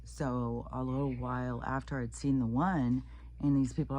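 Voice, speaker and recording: A woman's voice: very deep voice, little pitch movement, normal speed, dark tone. A woman talking in a casual, rambling vlog monologue, swearing freely and filling gaps with "um" and "like". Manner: profane, rambling, frequent fillers. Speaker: vlogger.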